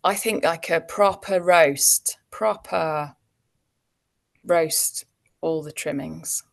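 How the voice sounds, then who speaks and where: Gravelly low-voiced woman. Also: slow pace. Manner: chatty storytelling, warm laughs, frequent ums. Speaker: actor and guest. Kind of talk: casual interview chat.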